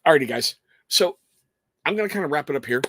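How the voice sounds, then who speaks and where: A man's voice: on the high side, animated, fast talker, fairly bright tone, breathy edge, no room sound, studio quality. A man hosting a casual livestream, talking in a rambling, earnest way with frequent restarts. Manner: rambling, self-interrupting, earnest. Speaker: livestream host.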